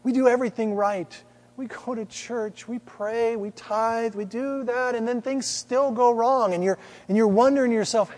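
A pastor with a high voice delivers a sermon, moving between storytelling and emphatic rhetorical questions. His words ring out with a long reverb through a church sanctuary. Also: fairly even intonation, moderate pace, darkish tone.

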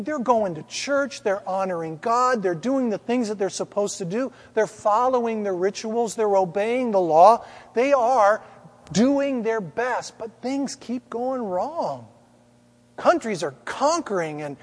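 Man, pastor, sermon, high voice, storytelling, rhetorical questions, long church reverb.

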